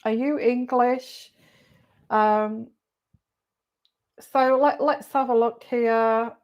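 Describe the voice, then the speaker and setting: A woman is hosting a live tarot reading and talks in a slow, unhurried way. She chats easily, greets viewers by name and repeats their questions aloud as she draws the cards. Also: a little high, steady tone. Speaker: tarot reader.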